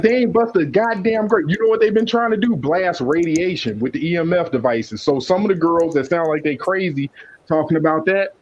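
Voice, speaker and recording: High-voiced, heated man. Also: noisy background. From South Side of Chicago. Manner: heated, profane and boastful. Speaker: stream panelist. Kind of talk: casual chat, ranting. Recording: dull lo-fi stream audio.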